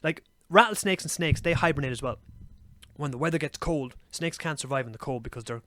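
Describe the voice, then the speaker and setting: A young Irish man co-hosting a podcast, telling animal stories in a lively casual way and swearing freely. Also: on the high side, fairly quick. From Ireland. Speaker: podcast co-host. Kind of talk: casual chat.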